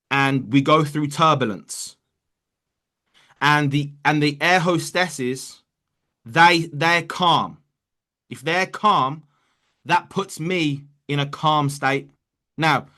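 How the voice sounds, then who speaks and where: A man with a slightly higher voice gives a loose, off-the-cuff pep talk on a group call. He restarts his sentences often and talks to listeners like mates. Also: pushed and bright. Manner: casual, repetitive restarts, says bro and man. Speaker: network marketing leader. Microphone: online call.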